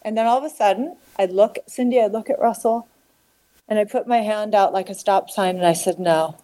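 A middle-aged woman telling a deeply personal story as a podcast guest. She speaks at an ordinary pitch, halting and restarting, and slips into acted voices for the people she quotes. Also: dark tone.

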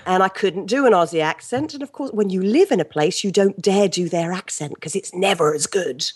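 A middle-aged woman with an English accent talks as an interview guest. Her voice sits slightly low, and she tells her stories in an animated, chatty way, restarting sentences as she goes. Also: brisk, breathy edge. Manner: chatty, animated storyteller with frequent restarts and laughs. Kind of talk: casual interview chat.

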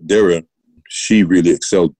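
A middle-aged man from Britain recounts his coaching days in a casual interview, circling back and restarting as he goes. His voice sits very low and has a mellow, dark tone. The recording is close and dry, with no room sound. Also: normal speed, no room sound, poor audio. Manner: rambling anecdotes with restarts and laughs. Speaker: guest, former Olympian and coach.

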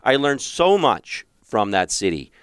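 A man hosting a show and telling his own story in a relaxed monologue, with many restarts and with past thoughts acted out in a raised voice. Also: medium pitch, unhurried, clear, resonant tone, no echo, studio quality. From Philadelphia. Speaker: podcast host and relationship coach.

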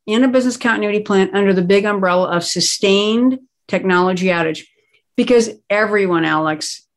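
A woman who is a guest expert, speaking in a conversational interview and explaining crisis planning emphatically, stressing her key words. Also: mid-range voice.

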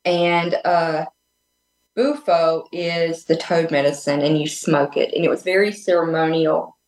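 A woman with a low, steady, somewhat dark voice speaks unhurriedly, telling a personal story as a podcast guest on a remote call. Her manner is earnest, open and casual, and she rambles with plenty of restarts and fillers. The recording has room echo.

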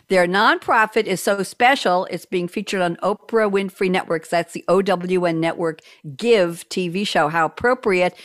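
A woman's voice: medium pitch, no echo, clean studio sound. A woman hosting an online radio interview show, talking in an enthusiastic, effusive way. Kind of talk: casual interview chat.

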